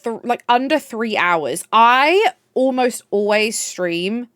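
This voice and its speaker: A bubbly young woman chats on her live stream, gushing over her viewers and swearing freely. Her voice sits a little high. The sound is close and dry. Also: expressive, slow pace, a bit bright, no echo. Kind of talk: casual chat.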